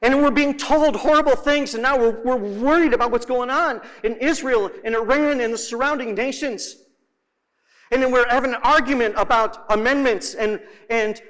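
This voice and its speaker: A man's voice: very high voice, steady tone, moderate pace, fairly bright tone. A man preaching a sermon in a dramatic way, repeating words for emphasis.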